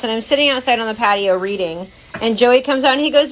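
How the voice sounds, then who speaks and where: A woman chatting casually about her dogs, telling animated stories, acting out what people said and swearing freely. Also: fairly high pitch, quick pace, poor audio. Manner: animated storyteller, acts out quotes, swears freely. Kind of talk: casual chat.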